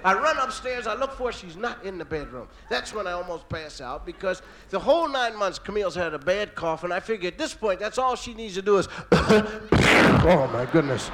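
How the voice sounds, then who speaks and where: A middle-aged man doing stand-up comedy, telling a story in an animated way and acting out voices with loud yells. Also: high voice, brisk, few pauses, slight background noise.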